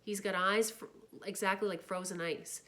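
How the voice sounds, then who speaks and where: Woman reading as bitter teen boy, heated, louder, storybook read-aloud. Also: medium pitch, fairly even intonation, normal speed, natural voice. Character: bitter teenage boy lashing out.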